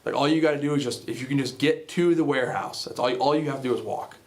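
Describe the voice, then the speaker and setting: A man's voice: mid-range voice, fast talker, lightly acted. A man voicing male dockworker friends who earnestly plead with their leader.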